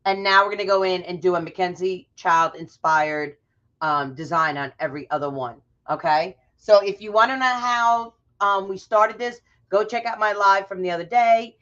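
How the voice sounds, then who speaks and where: Through muffled, lo-fi livestream audio, this craft host's mid-range voice comes across a bit bright at normal speed. She chats casually during her live tutorial and greets viewers by name.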